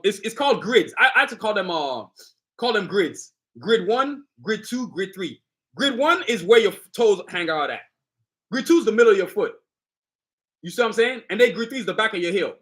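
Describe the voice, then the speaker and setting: Hyped bright-voiced man showing off sneakers. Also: high voice. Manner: hyped, boastful street slang, addresses viewers directly. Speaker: sneaker designer and channel host. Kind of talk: casual live stream showcase.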